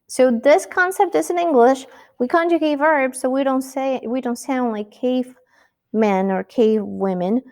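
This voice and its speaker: Slow-paced woman teaching Spanish verbs. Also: sits high, darkish tone. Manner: slow, patient, rhetorical questions. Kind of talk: recorded classroom lesson.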